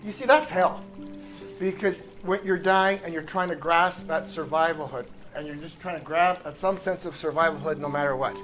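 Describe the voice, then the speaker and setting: A man's voice: fairly high pitch, steady tone, moderate pace, music in the background. A man, a spiritual teacher, giving a casual, rambling workshop talk to a live audience. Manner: casual, rambling, with fillers and sudden shouted exercises.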